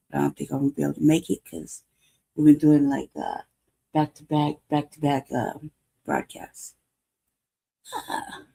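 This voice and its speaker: A woman's voice: low voice, creaky, warm tone, slightly rough. Laughing, swearing woman livestream host. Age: 40s. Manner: laughing, profane, rambling storytelling. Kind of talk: casual livestream chat.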